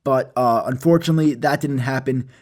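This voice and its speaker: A young man telling a comedic story from his school days, excitable and heavy with swearing. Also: medium pitch, brisk. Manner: profane, excitable, self-mocking.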